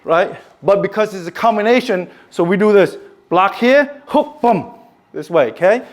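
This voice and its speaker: Guy teaching karate moves, kinda high voice, keeps saying okay, goes bum boom on the hits. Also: animated, moderate pace. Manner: instructive, checks in with "okay?", sound effects for strikes. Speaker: martial arts instructor. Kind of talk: demonstrating kata applications.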